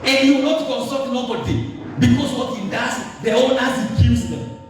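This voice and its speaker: A man with a Kenyan accent preaching a sermon as pastor, lively and animated, dropping into Swahili phrases. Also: very high-pitched, moderate pace. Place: church. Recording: echoey church hall, voice from a distance, faint music.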